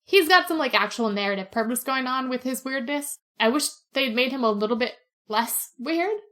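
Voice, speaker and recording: A chatty woman co-hosts a podcast, rambling casually with plenty of fillers and easy laughter. Her voice sits a little high. She talks in an unhurried, conversational way. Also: expressive, a bit bright. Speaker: podcast co-host. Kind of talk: casual chat.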